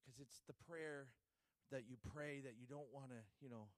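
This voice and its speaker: A man's voice: medium pitch, normal speed, no room sound. A man preaching a sermon, telling a story dramatically and acting out the people in it.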